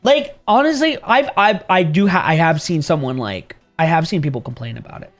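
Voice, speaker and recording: Animated, rambling male streamer. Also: on the high side, brisk, soft background music. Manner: rambling, animated, swears freely, laughs often, thanks viewers. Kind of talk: casual chat with viewers.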